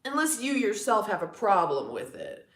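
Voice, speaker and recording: A woman's voice: mid-range voice, wildly swooping pitch, normal speed, a bit bright, echoey room. A woman in her forties with a New York accent, chatting frankly with viewers on her livestream. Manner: chatty, frank, blunt, swears casually. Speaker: livestream host. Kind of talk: casual chat with viewers.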